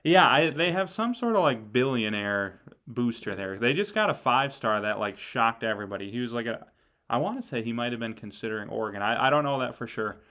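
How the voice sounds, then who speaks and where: A man co-hosts a casual sports talk show, with a smooth, clear voice at a medium pitch. He talks in a relaxed, conversational way and uses "like" often. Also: a little fast. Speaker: sports podcast co-host.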